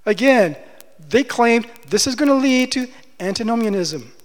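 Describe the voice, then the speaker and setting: Impassioned high-voiced male preacher in a hall. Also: animated, moderate pace. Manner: impassioned, rises to emphatic declarations. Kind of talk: expository sermon. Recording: long hall reverb.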